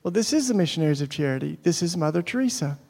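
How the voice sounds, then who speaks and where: A man voicing a calm, gentle elderly nun who speaks softly and reassuringly. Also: on the high side, racing, vocal fry. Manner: soft, serene and reassuring. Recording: long hall reverb.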